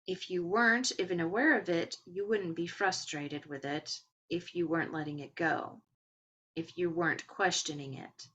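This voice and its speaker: Gentle, encouraging woman with a lowish voice. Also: normal speed, slightly rough, highs cut off. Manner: rambling, with filler words. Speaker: podcast host. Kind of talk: casual spiritual commentary.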